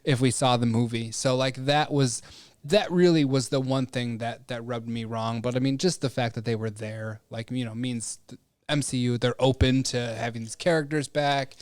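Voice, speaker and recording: A man talking loosely on a podcast, rambling through fillers and cursing as he goes. His voice sits at an ordinary middle pitch. The sound is dry and close, with little room in it. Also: steady tone, normal speed, a little mellow, smooth, no room sound. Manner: rambling, swears freely, many fillers. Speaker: podcast co-host. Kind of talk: casual review chat.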